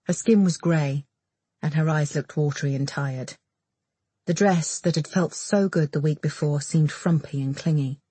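A woman narrating an audiobook in a measured, intimate read. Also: deep voice, dark tone, husky, dry recording. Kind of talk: scripted narration.

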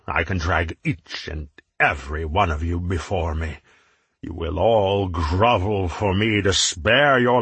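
A man voicing a pompous, gluttonous warlord who makes cruel threats in a slow, menacing way. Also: sits low, fairly bright tone, husky, dry recording, heavily acted.

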